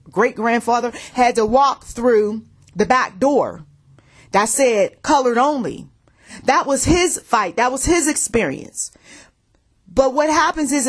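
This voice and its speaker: A woman giving a plainspoken faith message in a conversational way, repeating phrases for emphasis and often checking in with "okay?". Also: fairly high pitch. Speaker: faith-based audio message speaker.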